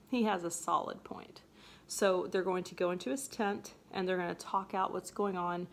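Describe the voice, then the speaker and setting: A woman's voice: mid-range voice, normal speed, slight background noise. A woman teacher casually explaining a play scene, chatty and playful, acting out lines in voices. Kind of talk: casual literature lesson.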